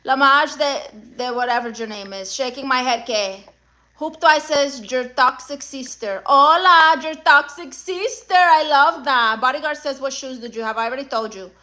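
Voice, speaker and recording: A woman with Spanish-accented English hosts a livestream, reading viewers' chat messages aloud. Her voice sits high and sounds bright and sharp. She is sassy and teasing, and playfully demands tips and payments. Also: moderate pace. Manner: sassy, mock-demanding, greets viewers by name. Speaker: livestream comedian.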